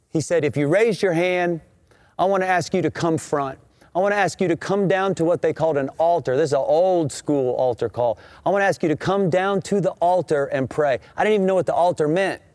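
A middle-aged man preaching from his own story, earnest and heartfelt, often circling back on the same words. His voice sits a little high for a man. The sound is close and dry, with almost no room echo. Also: a little mellow. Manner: earnest, emotional storytelling with repeated phrases. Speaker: senior pastor. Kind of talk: personal testimony sermon. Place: in a church sanctuary.

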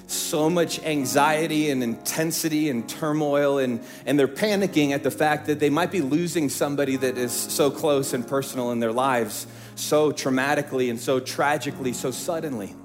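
A middle-aged male pastor preaching a sermon from a church stage, telling a story in hushed tones and rising into emphatic preaching. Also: mid-range voice, moderate pace, hardly any pauses, faint music behind.

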